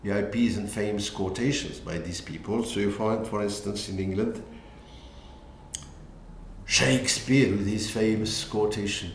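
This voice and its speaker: A man presenting a book as a language teacher, talking deliberately and pausing often on "uh" between points. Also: on the low side, vocal fry, a little hiss or hum. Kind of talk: slow lecture-style walkthrough. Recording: echoey room with faint ambience.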